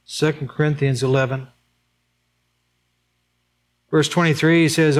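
Emphatic higher-voiced male pastor preaching. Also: normal speed, pauses often. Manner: emphatic, rising to high urgent peaks then dropping low and quiet; addresses the congregation with rhetorical questions. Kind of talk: sermon.

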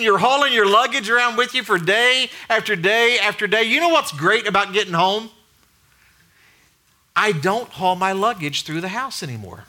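A middle-aged pastor with an extremely high-pitched voice gives a conversational sermon, asking the room questions and dropping to a hush to drive points home.

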